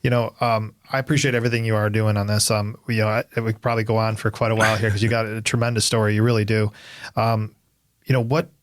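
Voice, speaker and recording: Brief: male interview host, very fast talker, lowish voice, easygoing and affirming. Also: flat delivery. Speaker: podcast host. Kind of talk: casual interview conversation.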